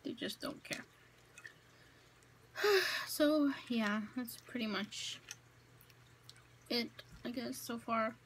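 A young woman talks to her viewers from home in a relaxed eat-with-me vlog. Her voice sits a little high, and she rambles with plenty of fillers and self-corrections. A faint hum of the room runs under her voice. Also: drawn-out words, long pauses, poor audio. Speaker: vlogger. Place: home, indoors.

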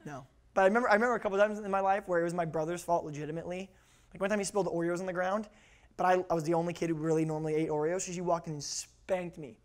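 A man speaking as youth pastor, telling lively stories and repeating his key words for emphasis. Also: sits high, rapid-fire. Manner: animated storyteller who acts out quotes, repeats key words. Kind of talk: youth ministry talk.

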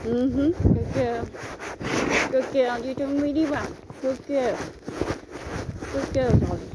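A woman rides her pony down a road outdoors, giving it short coaxing commands and scolding it when it acts up. Her voice sits fairly high and her words come slowly. Loud outdoor noise from the ride is clear behind her. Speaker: horse rider and vlogger. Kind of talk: talking to her pony while riding.

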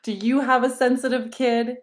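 A woman in her thirties coaching parents in a live online session, talking casually to her audience. She tells stories with frequent little laughs. She slips into animated voices when she quotes people. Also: fairly high pitch, normal speed. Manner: warm, chatty storytelling with frequent laughs.

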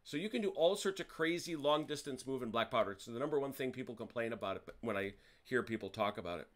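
A man's voice: mid-range voice, lively intonation, fast. A man hosting a tabletop wargame, walking his players through the rules in a chatty way, often correcting himself mid-sentence and dropping wry jokes. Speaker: wargame host explaining rules. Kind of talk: casual rules explanation to players.

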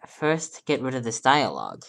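A woman giving casual commentary over her own gameplay, swinging from quiet hoping to gleeful cheering and calling her viewers dudes. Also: extremely low pitch, wildly swooping pitch, normal speed, vocal fry, faint music behind. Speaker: gameplay video creator.

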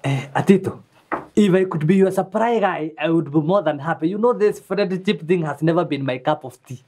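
A man's voice: fairly high pitch, fairly quick, warm tone, close to an everyday voice. A man playing a cheeky hustler. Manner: joking, wheedling. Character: cheeky young man hustling for a paid part.

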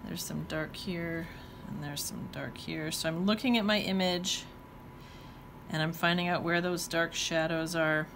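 This watercolor teacher has a deep, creaky voice, fairly even in intonation and unhurried. She chats casually while painting, thinking aloud with playful exclamations, and background noise is audible.

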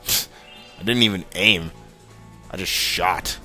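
Young male let's-play host, deep pitch with a sharp edge, chatty and self-deprecating. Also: slow pace, long pauses, faint music behind. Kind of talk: casual gameplay commentary.

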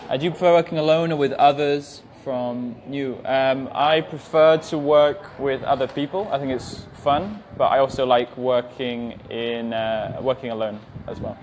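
A man in his twenties from England, an English teacher at a language school, reads viewer questions in a live-stream Q&A and answers with many ums. His mid-range voice is a little mellow with fairly even intonation, over a faint hiss or hum, and he speaks slowly, carefully and hesitantly.

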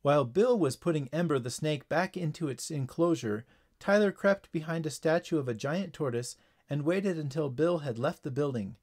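A man's voice: on the high side, normal speed, a little mellow. Man narrating a children's story.

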